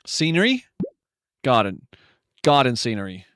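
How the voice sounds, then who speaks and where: Slow-talking man muttering guesses. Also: medium pitch, smooth, no echo, studio quality. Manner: muttering guesses, sudden excited outbursts. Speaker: streamer. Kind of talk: live game stream, thinking aloud.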